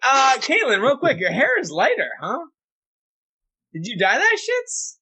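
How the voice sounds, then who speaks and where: A man's voice: extremely high pitch, huge pitch swings, measured pace, bright, forceful tone, breathy edge. A man co-hosting a podcast over a video call, joking loosely and swearing among friends. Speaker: podcast co-host. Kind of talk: casual chat.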